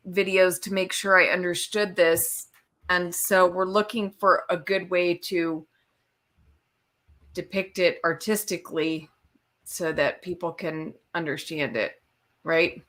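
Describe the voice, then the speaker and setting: A woman's voice: on the low side, bright, forceful tone. A woman co-hosting a casual chat, speaking earnestly with fillers like "like" and "right". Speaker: co-host.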